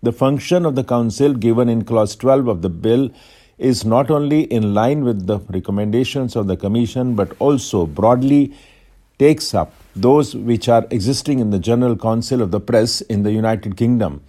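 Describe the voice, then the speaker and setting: A man reading a formal passage as shorthand dictation, in an even, measured way with clear phrase breaks. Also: medium pitch. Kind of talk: steady dictation reading at set speed.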